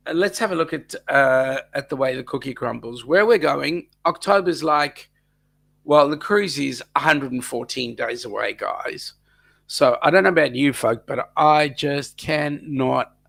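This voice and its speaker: Croaky Australian man hosting a livestream. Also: medium pitch, bright, forceful tone. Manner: jokey, reads out viewer chat comments. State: croaky from a lingering cough. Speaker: livestream host. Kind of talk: casual livestream chat.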